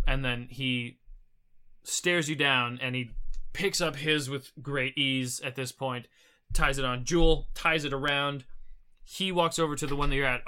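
A man's voice: medium pitch, fairly even intonation, measured pace, sharp tone, clear, resonant tone. A man narrating as game master in a casual, rambling way. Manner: casual, many fillers.

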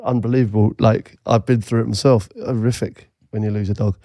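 Male co-host, 30s, relaxed and jokey, mellow mid-range voice, dry close mic. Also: on the low side, fairly quick, dry recording. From England. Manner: easygoing, joking, laughs often. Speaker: podcast co-host. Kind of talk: casual chat.

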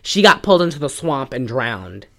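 A woman casually recapping a film's plot on a podcast, telling it in an animated way with lots of "like.". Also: a bass voice, moderate pace. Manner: animated storytelling, frequent "like". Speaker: podcast co-host. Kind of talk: casual film recap chat.

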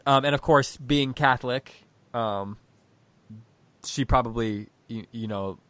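A man's voice: medium pitch, unhurried, fairly bright tone, no echo. A man co-hosting a book discussion podcast, reflecting aloud and reading passages from a story. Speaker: podcast co-host.

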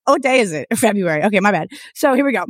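A woman's voice: medium pitch, animated, quick pace, dry recording. A woman co-hosting a podcast in casual chat, rambling, restarting her sentences and giggling. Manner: rambling, giggly, self-interrupting. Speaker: podcast co-host.

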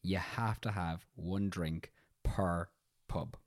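A man's voice: sits low, steady tone, takes it slowly, no echo, studio quality. An Irish man co-hosting a podcast in casual chat, playfully explaining rules step by step. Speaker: podcast co-host.

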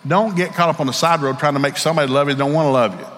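A man's voice: fairly high pitch, very fast, a bit bright, big-room sound, slight background noise. A middle-aged man with a Southern American accent, preaching a storytelling sermon in a folksy, candid way and acting out the voices in his stories. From Southern United States.

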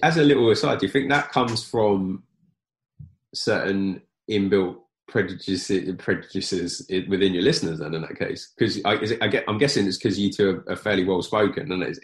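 A man's voice: low voice, steady tone, a little fast, roomy sound. A man taking part in a casual podcast chat as a guest, asking curious follow-up questions.

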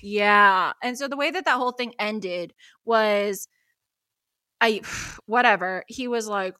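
Young female co-host, bright crisp voice, fast filler-heavy storytelling, dry close sound. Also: medium pitch, dry recording. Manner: animated, laughing, lots of fillers. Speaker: podcast co-host. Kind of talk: casual storytelling chat.

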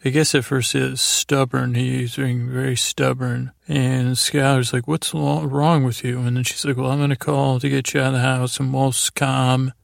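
Flat gravelly man rambling softly. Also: medium pitch, no room sound, clean studio sound. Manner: meandering, loosely retelling scenes with quick quoted lines. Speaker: sleep podcast host. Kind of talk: rambling bedtime recap.

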